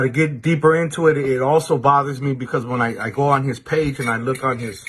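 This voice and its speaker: A man from the Los Angeles area speaking straight to his viewers in a monologue, with a deliberate warning tone and frequent repeated words as he restarts sentences. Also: medium pitch, fairly bright tone, a little hiss or hum. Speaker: commentator addressing viewers. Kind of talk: direct-to-camera monologue.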